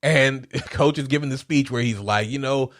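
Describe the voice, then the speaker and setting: Animated, cursing man reviewing a movie. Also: medium pitch, normal speed. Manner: animated, profane, acts out scenes with laughter. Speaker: podcast co-host reviewing a film. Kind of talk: casual chat.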